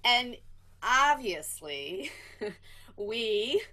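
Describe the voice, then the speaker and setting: A woman leading a teachers' workshop over a video call, singing a slow, repetitive children's song with her guitar, then talking loosely with many fillers. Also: on the high side, very animated, sharp tone, slight background noise. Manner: sings slowly with repeated echo lines, then chats loosely with fillers. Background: her own acoustic guitar.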